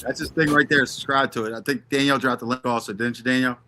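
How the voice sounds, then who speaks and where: A man's voice: mid-range voice, fairly even intonation, fast, music in the background. A man hosting a live stream, ranting casually, swearing constantly and reading out names from the chat.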